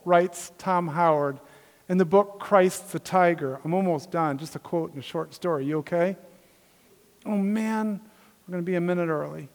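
A man preaching a sermon as pastor, swinging between emphatic, rising declarations and soft, intimate asides. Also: high voice, a little slow. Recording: hall reverb.

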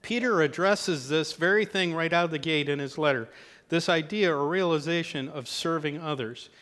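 Male pastor, sermon, fairly high voice, easygoing with jokes, church hall reverb. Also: normal speed, fairly bright tone. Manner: conversational with joking asides.

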